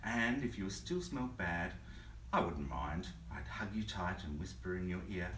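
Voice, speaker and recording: A man voicing a gentle, doting mother with a soft tender lilt in a picture book reading. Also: sits low, lively intonation, unhurried. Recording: roomy distant mic, faint hum.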